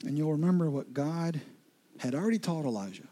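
A man preaching a sermon as a pastor, talking straight to his listeners and swinging from loud questions to hushed whispers. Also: a little high, lively intonation, a little fast. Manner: addresses listeners directly with repeated questions.

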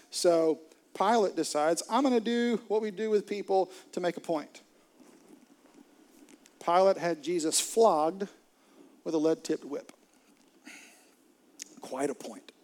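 A man preaches a sermon as a dramatic storyteller, his slightly high voice sinking to hushed near-whispers and then swelling into loud bursts. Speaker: pastor.

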